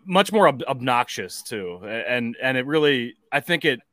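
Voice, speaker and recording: A man co-hosting a casual sports podcast, chiming in with quick remarks and stammering restarts. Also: mid-range voice, animated, fairly bright tone, dry recording. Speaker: podcast co-host.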